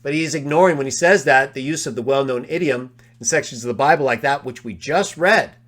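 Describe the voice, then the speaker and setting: A man's voice: mid-range voice, a bit bright. Methodical man explaining scripture grammar. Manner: methodical, repeats quoted phrases slowly for emphasis. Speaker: presenter of a biblical grammar study. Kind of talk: explanatory lecture walking through his written notes. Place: live online discussion.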